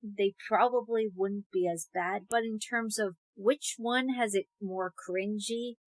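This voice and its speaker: A woman co-hosting a casual movie review chat, speaking in a sarcastic, expressive way. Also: mid-range voice, measured pace. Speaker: co-host.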